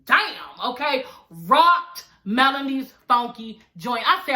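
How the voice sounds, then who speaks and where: A woman's voice: high-pitched, very animated, slow pace, pushed and bright. A woman giving a blunt, sassy, profane recap of a reality show in casual commentary. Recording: echoey room.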